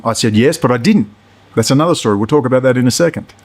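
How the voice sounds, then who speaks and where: Aussie guy ranting hard, middle-aged, lots of swearing and sarcasm, normal pitch. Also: fast. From Australia. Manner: profane, heated, sarcastic. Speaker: political commentator. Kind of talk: ranting monologue.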